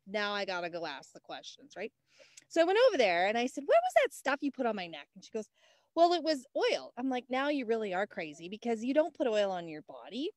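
Lively woman telling a story. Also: high voice, no echo, studio quality. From Canada. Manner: animated, acts out quoted voices. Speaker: guest speaker. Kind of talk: storytelling on a group call. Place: outdoors on a mountain. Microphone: laptop on a hotspot.

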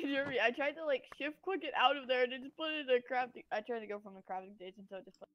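A woman's voice: high voice, very fast, lo-fi sound. A young woman playing a co-op game with a friend, teasing, punning and giggling. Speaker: co-op game partner. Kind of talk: casual gaming chat.

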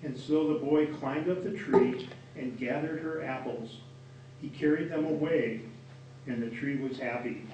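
Male reader, steady story narration, caught from afar in a reverberant room. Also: mid-range voice, unhurried, muffled recording, slight background noise. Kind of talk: storybook narration read aloud. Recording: echoey room from far off.

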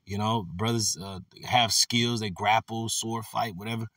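A man preaching a casual, animated sermon, reading Bible verses and adding slangy asides. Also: lowish voice, unhurried, dry recording, studio quality, distant mic. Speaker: preacher teaching scripture.

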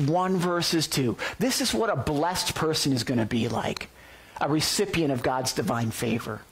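A man preaching a sermon as pastor, excitable and emphatic, often rising to near-yelling. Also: high-pitched, breathy edge. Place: church, relayed to listeners by phone and online.

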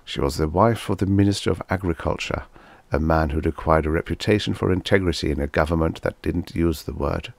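Male audiobook reader, very low voice, gravelly, dry close recording. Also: brisk, no echo. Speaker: audiobook narrator. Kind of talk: scripted narration.

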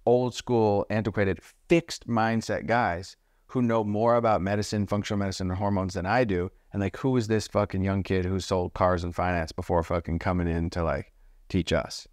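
Male podcast guest, low voice, brash and profane, animated storytelling, dry studio sound. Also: moderate pace, dry recording. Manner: energetic, profane, acts out the people in his stories. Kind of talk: casual storytelling interview.

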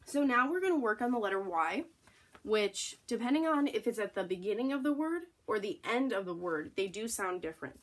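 A young woman teacher giving a phonics lesson for children, slowly sounding out letters and praising the class. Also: medium pitch, animated. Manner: slow, encouraging, sounding out letters.

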